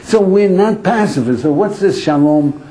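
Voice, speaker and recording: A man from Israel giving a lecture as a rabbi, with a relaxed, dark and mellow tone. He tells his points as stories, acting out the arguing voices in a person's head. He laughs lightly between phrases. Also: sits high, moderate pace, rough recording. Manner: animated storytelling, acts out inner voices, chuckles often. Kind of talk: Torah lecture to an audience.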